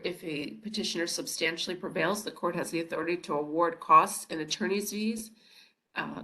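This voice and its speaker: A woman with a raspy voice and a stuffy nose from a cold, explaining open meetings rules in an online information session. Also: fairly low pitch, bright, forceful tone. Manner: procedural, explanatory, with frequent uh and restarts. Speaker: government presenter on open meetings law.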